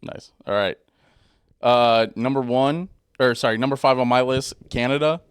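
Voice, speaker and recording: A man's voice: medium pitch, steady tone, normal speed, smooth, no echo. A young man co-hosting a podcast, casually teasing his co-host and poking holes in his arguments. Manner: teasing, plays skeptic. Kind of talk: casual banter.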